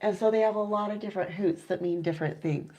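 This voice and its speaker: An enthusiastic woman chats casually to her viewers, warm in interest and quick to trail into fillers. She breaks off at times to mimic soft owl hoots. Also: mid-range voice, highs cut off. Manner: chatty and enthusiastic, many fillers. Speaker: owl keeper and vlogger.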